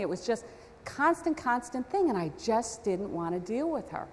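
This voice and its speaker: A woman's voice: a little high, very animated, normal speed, a little hiss or hum. A woman preaching a storytelling sermon, talking conversationally with self-deprecating asides. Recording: long hall reverb.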